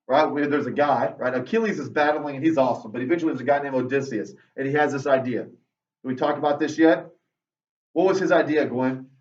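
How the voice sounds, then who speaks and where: A male English teacher giving a lively classroom lecture to students, ending nearly every sentence with "right?". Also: on the high side. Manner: tags most sentences with "right?"; lively, talks straight to students. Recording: roomy, dull classroom audio from far off.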